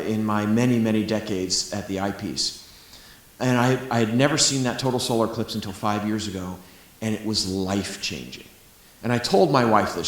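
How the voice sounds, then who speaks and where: A man's voice: lowish voice, fairly bright tone. Enthusiastic middle-aged man in a roomy hall. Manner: enthusiastic and chatty, with humorous asides. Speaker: astronomer giving a public talk. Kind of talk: public lecture. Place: library lecture room.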